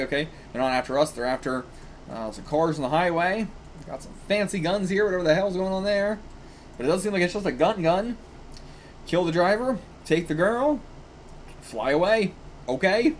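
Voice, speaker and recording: A man's voice: fairly high pitch, a little hiss or hum. Rambling man reacting to manga. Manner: rambling, swears and laughs often. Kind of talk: casual reaction while reading aloud.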